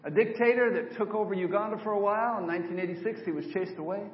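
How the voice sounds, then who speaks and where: A man's voice: high-pitched, fast talker. An older man, a preacher, telling a story in a sermon and acting out the dialogue. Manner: animated storyteller, quotes others in dialogue. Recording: echoey hall from far off, dull.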